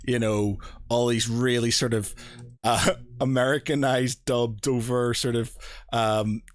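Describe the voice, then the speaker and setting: A man's voice: mid-range voice, fairly even intonation, slow, no echo, studio quality. A man, hosting a casual podcast chat, rambling with many fillers and frequent laughs. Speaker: podcast host.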